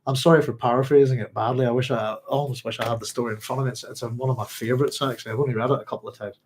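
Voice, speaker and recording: Talking very fast in a medium-pitched, slightly mellow voice with fairly even intonation, a man hosts a book club stream, and there's a little hiss or hum. He reads passages aloud, then rambles chattily between them with frequent chuckles.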